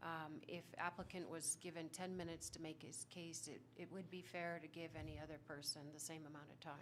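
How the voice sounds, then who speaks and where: A woman with a very low voice politely addresses the chair at a town meeting. Faint background hiss sits under her voice. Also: little pitch movement, brisk. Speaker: meeting participant.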